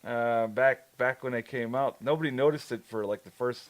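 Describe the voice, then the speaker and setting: Podcast co-host, New man, mid-pitched, crude and jokey, dry close sound. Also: normal speed, no echo. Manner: crude, swearing, laughing often. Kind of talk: casual chat.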